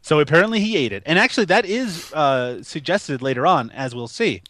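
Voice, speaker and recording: Lively-voiced man, film podcast co-host. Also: a little high, brisk, no room sound. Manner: animated storytelling, laughs often. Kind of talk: casual chat.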